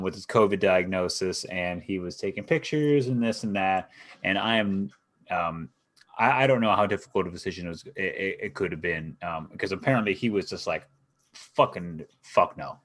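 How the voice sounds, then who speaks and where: A man co-hosting a casual sports podcast, talking in a laid-back way with many fillers and some swearing. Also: sits low. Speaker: podcast co-host.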